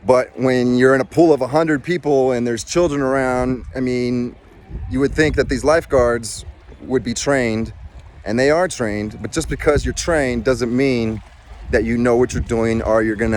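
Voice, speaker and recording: A middle-aged man recounts a personal story in a loose, rambling way, restarting sentences and acting out what people said. His voice sits at an ordinary pitch for a man. Faint street and traffic noise hums behind him outdoors. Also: darkish tone. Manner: rambling, with many restarts and acted-out quotes. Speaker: former Marine recounting a rescue. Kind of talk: casual storytelling.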